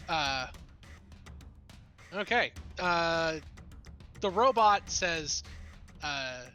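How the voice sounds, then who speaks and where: A game master running a tabletop game, narrating the scene in an easygoing way with frequent pauses. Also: medium pitch, animated, pushed and bright, faint music behind.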